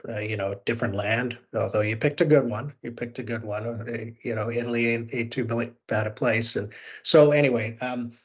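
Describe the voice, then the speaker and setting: A Canadian man in his fifties hosts a podcast interview, his voice slightly husky. He talks eagerly and stumbles into frequent restarts. The call audio sounds a little dull and muffled. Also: mid-range voice. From South Africa. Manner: eager, halting, full of restarts. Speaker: podcast host.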